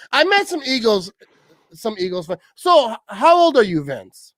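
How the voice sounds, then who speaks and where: A man tells rambling, crude stories on a podcast, laughing as he goes. His voice sits high and swings widely in pitch. The sound is dry and close. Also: very animated, measured pace, fairly bright tone, no echo. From Wisconsin. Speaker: podcast host. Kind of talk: casual chat.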